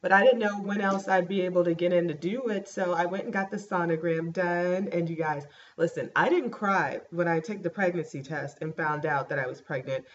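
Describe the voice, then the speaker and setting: A young woman in a casual home vlog, chatting through a pregnancy update with plenty of fillers and lively storytelling. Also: on the low side, a little fast, few pauses. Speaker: vlogger. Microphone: laptop webcam mic. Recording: dull laptop mic with faint hiss.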